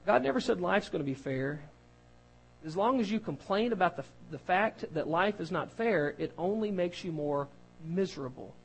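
A man's voice: high voice, lively intonation, moderate pace, vocal fry, slightly rough, rough recording. A male pastor preaching a sermon in a conversational, candid way, often putting questions to the congregation. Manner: candid and self-deprecating.

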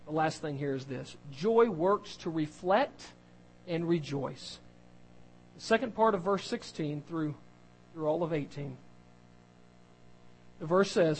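A man's voice: a little high, lively intonation, slow pace, pauses often, slight background noise, rough recording. A man preaching a sermon, talking in a conversational way that builds in force. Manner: conversational preaching, grows louder and more emphatic.

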